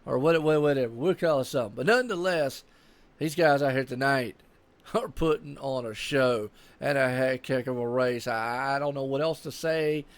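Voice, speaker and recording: A man's voice: medium pitch, moderate pace. A man with a Southern US accent giving casual, rambling live commentary on a sim race and chatting with viewers.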